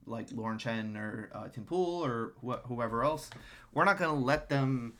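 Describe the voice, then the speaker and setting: A man's voice: mid-range voice, a bit bright. Sarcastic young man reacting to a clip. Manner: sarcastic, scornful, talks to the screen. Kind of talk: casual mocking commentary.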